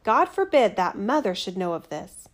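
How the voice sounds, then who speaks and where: A woman's voice: mid-range voice, sing-song, moderate pace, pitched below the performer's own voice, close to an everyday voice. A woman voicing a sad, thirsty young boy in a fairy tale, speaking earnestly and plaintively. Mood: sorrowful.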